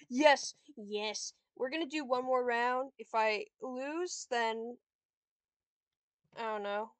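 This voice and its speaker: Young woman streamer, high pitch, unhurried, exasperated and profane. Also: no echo. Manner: frustrated, swearing, talking to herself. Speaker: streamer playing a board game. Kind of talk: casual gameplay commentary.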